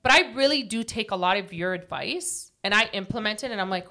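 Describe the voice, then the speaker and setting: Woman, podcast co-host, casual storytelling, bright tense tone. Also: mid-range voice, expressive, quick pace, hardly any pauses. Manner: chatty storyteller, acts out quotes.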